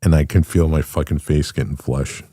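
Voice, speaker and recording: Very deep-voiced, profane middle-aged man. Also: level tone, normal speed, dark tone, breathy edge, no room sound, studio quality. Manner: profane, rambling, with frequent restarts. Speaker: podcast host. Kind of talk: casual monologue.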